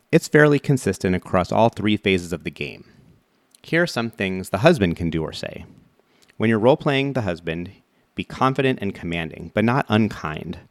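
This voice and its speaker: A man with a very low voice reads a scripted set of instructions in a measured, even way. The sound is close and dry, with no room around him. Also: no echo. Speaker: instructional narrator.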